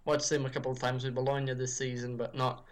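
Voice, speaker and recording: A man's voice: medium pitch, completely flat delivery, fast talker. Rambling man chatting about football. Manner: rambling, many restarts and fillers like "if you will". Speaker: podcast guest. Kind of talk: casual football chat.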